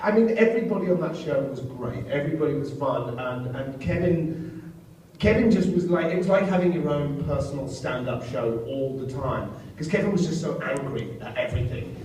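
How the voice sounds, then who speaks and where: A man with a fairly high voice tells animated, comic stories from a convention panel. He sounds distant, caught in a big, very echoey hall with faint noise in the background. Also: moderate pace. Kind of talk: panel Q&A anecdotes.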